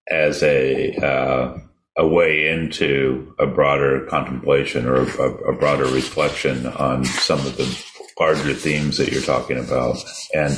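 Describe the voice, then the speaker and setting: A man with an extremely deep voice hosts a reflective interview and speaks in a measured, scholarly way. He pauses often between thoughts. His voice carries a noticeable room echo. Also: a little hiss or hum. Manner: measured, scholarly, hesitant fillers. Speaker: radio show co-host.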